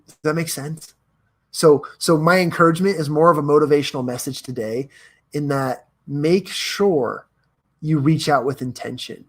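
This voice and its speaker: A young man hosting a live stream, talking in an energetic, chatty way, reading viewer comments aloud and giving motivational advice. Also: a little high, normal speed. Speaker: host.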